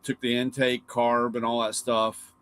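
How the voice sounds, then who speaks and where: Middle-aged guy rambling thru old car stories on a live show, cusses, does his dad's voice, regular pitch. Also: completely flat delivery, a little slow, a bit bright, clean tone. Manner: rambling anecdotes, swears, acts out his dad's lines. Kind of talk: casual storytelling on a live show.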